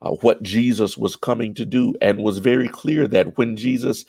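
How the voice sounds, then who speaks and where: A man teaching a church Bible study, halting and explanatory, with frequent fillers and repeated words. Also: mid-range voice, steady tone, gravelly, darkish tone, slightly rough, no echo.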